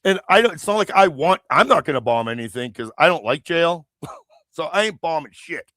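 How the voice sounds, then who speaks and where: A man's voice: fairly high pitch, animated, a little fast, a bit bright, no room sound, studio quality. A man from Canada hosting a political livestream, ranting angrily with heavy swearing and rambling restarts. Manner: angry, profane, rambling. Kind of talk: heated political rant.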